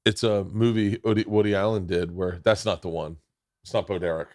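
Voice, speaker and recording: Man, podcast host, lowish voice, rambling comic storytelling, casual chat, dry close mic. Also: a little fast, no room sound. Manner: rambling, animated storytelling with impressions.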